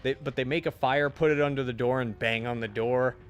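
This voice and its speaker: A man's voice: medium pitch, steady tone, fairly quick, lo-fi sound. Rambling, cursing male streamer. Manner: rambling, profane storytelling with restarts. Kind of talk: casual chat while gaming.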